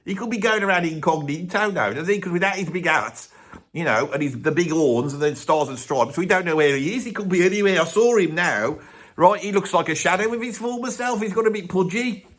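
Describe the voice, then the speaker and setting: A man performs a comic monologue as a grumpy Birmingham man in his seventies, using a Birmingham accent. His voice sits high, brisk and a bit bright as he rants bluntly, grumbling and swearing constantly.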